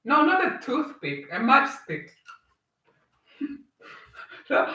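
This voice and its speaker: Speaking slowly with long pauses, this woman has a high voice whose pitch swoops wildly. She's running a relaxed cooking livestream in her home kitchen, talking with viewers and welcoming newcomers, captured in a roomy, distant recording with noticeable background noise.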